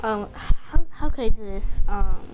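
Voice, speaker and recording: A woman's voice: medium pitch, measured pace. A woman casually telling a personal story, rambling with lots of fillers and swearing. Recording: noisy home recording.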